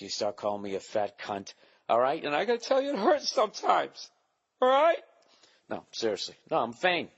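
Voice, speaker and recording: A man with a low, husky voice hosts his podcast alone at home in the early morning. He keeps his voice down and rambles through profane, jokey stories. His delivery is casual and loose. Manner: keeping voice down at home. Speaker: podcast host. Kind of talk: casual solo podcast monologue.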